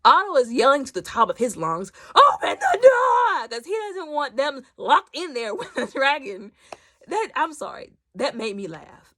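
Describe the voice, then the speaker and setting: A woman chatting casually through a TV episode recap, animated and talkative, acting out bits of the scenes. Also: high-pitched, moderate pace, no room sound. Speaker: YouTube TV reviewer.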